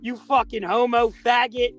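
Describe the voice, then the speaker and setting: A man's voice: extremely high pitch, flat delivery, moderate pace, soft background music. A man with a youthful-sounding voice calling into an online voice chat, hot-tempered and hurling crude insults. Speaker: caller in a voice chat. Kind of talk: heated trash talk.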